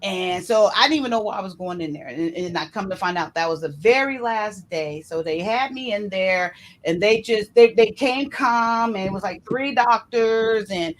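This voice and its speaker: A woman casually telling a personal story in an animated way, acting out what others said to her. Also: moderate pace, hardly any pauses. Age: adult. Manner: animated, re-enacts others' words with shifting pitch.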